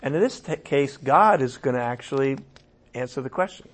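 A man preaching a sermon and teaching from scripture, emphatic, with sudden loud raised passages. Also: medium pitch, lively intonation, normal speed. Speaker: pastor.

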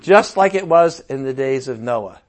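A man preaching a sermon in a conversational, animated way, with playful asides and sudden outbursts. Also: mid-range voice, unhurried.

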